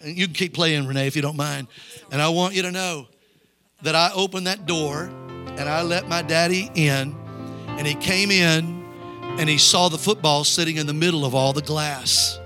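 A man's voice: a little high, steady tone, moderate pace, pushed and bright, faint music behind. A male evangelist preaching a revival sermon in a church, urging the congregation to call back lines. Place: church sanctuary.

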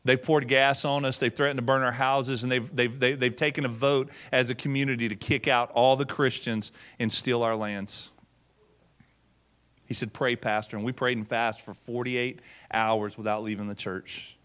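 A man's voice: mid-range voice, little pitch movement, moderate pace, fairly bright tone. A middle-aged man, a pastor, telling a story in a sermon in a folksy way, acting out quotes and often repeating words. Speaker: pastor and former missionary.

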